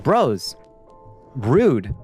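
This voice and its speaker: Profane, excitable male game streamer. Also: medium pitch, very slow, faint music behind. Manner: profane, excitable, chatty with chat. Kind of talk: casual gaming livestream chat.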